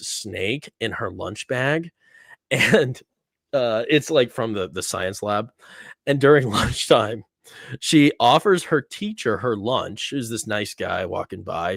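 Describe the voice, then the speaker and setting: A man's voice: mid-range voice, no room sound, clean studio sound. A young man casually recapping a TV episode, rambling with many fillers and little laughs. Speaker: host. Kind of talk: casual review chat.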